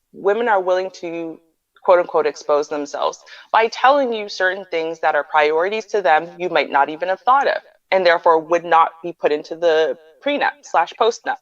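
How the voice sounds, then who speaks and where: Female host, measured advice talk, muffled lo-fi audio. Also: on the low side, no room sound. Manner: measured, explanatory. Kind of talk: casual livestream advice chat. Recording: muffled lo-fi dry sound.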